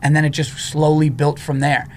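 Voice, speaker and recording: A man in his forties, a comedian, telling stories in a casual, animated way and acting out the people he quotes. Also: on the high side, moderate pace, a little hiss or hum. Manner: animated storyteller who acts out quotes. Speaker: comedian guest. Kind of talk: casual storytelling.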